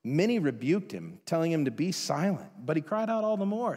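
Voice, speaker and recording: A man's voice: fairly high pitch, huge pitch swings, moderate pace, hardly any pauses, darkish tone. Casual-talking male pastor in a hall. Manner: casual, conversational, acts out quoted voices. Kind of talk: sermon with storytelling. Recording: long hall reverb.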